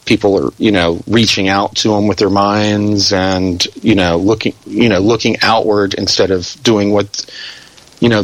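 Halting man, full of fillers. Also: deep voice, fairly bright tone, no echo, low-quality recording. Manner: halting, many fillers and restarts. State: losing his voice. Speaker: interview guest. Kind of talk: hesitant conversational interview.

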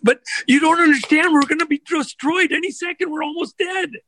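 A man voicing a panicked young male servant, pleading in a shrill, frantic voice. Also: fairly quick, pushed and bright, no room sound.

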